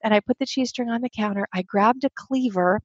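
A woman's voice: a little high, a little fast, slightly rough, no echo, lo-fi sound. A woman in her thirties telling a candid personal story, acting out the voices of the people in it. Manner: animated, acts out quoted voices.

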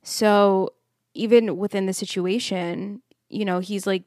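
A woman's voice: medium pitch, measured pace, no room sound. Young woman podcast host, candid and blunt, curses freely, dry close sound. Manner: blunt, swears freely, animated retelling. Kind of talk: candid storytelling monologue.

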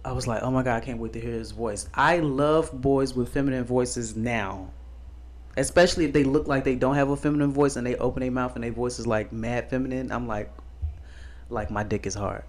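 Soft-spoken guy in his 20s rambling on a podcast, lots of likes and ums. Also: mid-range voice, normal speed. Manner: rambling, full of "like" fillers. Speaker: podcast co-host. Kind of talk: casual podcast chat.

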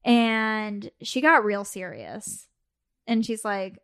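A woman co-hosting a podcast tells a personal story in casual chat, her medium-pitched voice smooth, slow, and touched with vocal fry. She's animated, acting out the quoted dialogue and laughing often.

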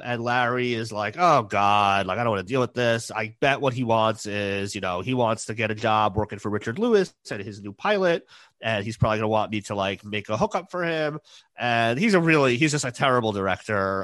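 A man recapping a TV episode in casual podcast chat, hesitant and full of ums, his pitch swinging widely as he quotes the characters. The recording is close and dry. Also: a bit bright, no room sound. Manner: hesitant, many fillers, recaps plot in quoted lines. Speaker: podcast co-host.

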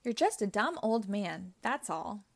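A brash, bossy villain from a children's storybook, sneering and snapping at everyone around him, as a woman reading aloud puts him on. He talks slowly and loudly, full of scorn. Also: medium pitch, sing-song, creaky, full character voice. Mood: scornful.

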